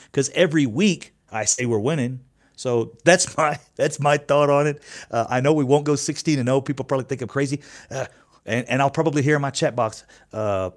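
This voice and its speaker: A man's voice: medium pitch, fairly quick. A man about fifty hosting his own sports fan channel, talking casually in a rambling, profane way, often restarting his sentences. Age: 50s. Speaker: YouTube sports channel host.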